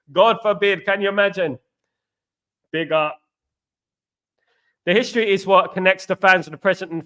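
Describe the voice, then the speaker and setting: Hosting a fan live stream, this middle-aged man from East London, England has a bright, high-pitched voice and an animated, chatty way of talking. He rambles through stories and answers comments, going over the same points again and again.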